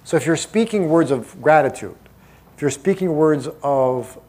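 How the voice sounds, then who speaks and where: Energetic man teaching a seminar. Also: on the high side, normal speed. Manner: energetic, emphatic, addresses the audience directly. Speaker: motivational speaker. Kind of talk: live seminar talk.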